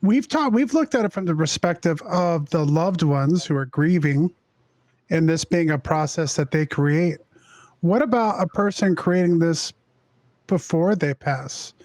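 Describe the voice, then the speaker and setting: A man's voice: a little high, a little slow, darkish tone, no echo. Dry-sounding man hosting a talk show. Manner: conversational, asks follow-up questions. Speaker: podcast host. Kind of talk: casual interview talk.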